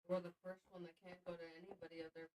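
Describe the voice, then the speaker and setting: A woman's voice: lowish voice, flat delivery, very fast, darkish tone, poor audio. A woman chatting casually with a streamer and tossing in short, dry remarks. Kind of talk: casual chat.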